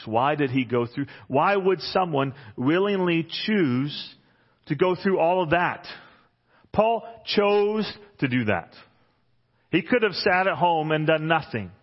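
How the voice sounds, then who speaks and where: A man preaching a sermon in a church hall, conversational and joking, reading Bible passages aloud. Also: fairly high pitch. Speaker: pastor. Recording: muffled sound with long hall reverb.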